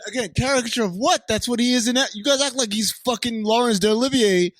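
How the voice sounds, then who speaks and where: A man's voice: extremely high pitch, fast talker, a bit bright, no room sound. A man co-hosting a podcast, arguing his point with sarcasm and swearing. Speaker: podcast co-host. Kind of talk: casual chat.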